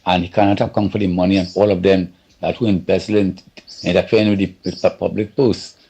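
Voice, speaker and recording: Caller man, deep gravelly husky voice, ranting mad and rambling. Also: little pitch movement, fast, dark tone, highs cut off. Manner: indignant, rambling complaint. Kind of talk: phoned-in political rant.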